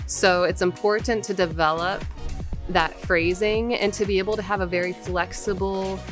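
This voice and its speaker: A woman voice actor talking casually and explaining how she takes direction, careful and measured. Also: mid-range voice, fairly even intonation. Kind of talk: casual advice talk. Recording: faint background music.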